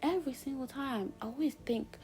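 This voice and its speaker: A woman's voice: sits high, fairly quick, darkish tone, faint music behind. A young woman from Zimbabwe, talking casually and openly as a vlogger, with many "like"s, and addressing her viewers as guys. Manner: casual, fills speech with "like" and talks straight to "guys". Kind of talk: candid personal storytelling. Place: at home, doing her makeup.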